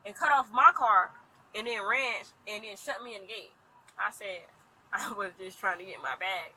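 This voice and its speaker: A woman rapidly retelling events to a police officer, animated, acting out what others said. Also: mid-range voice, breathy edge, poor audio. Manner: rapid, animated storytelling with quoted dialogue. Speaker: complainant talking to police. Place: outdoors at an impound lot. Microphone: police bodycam.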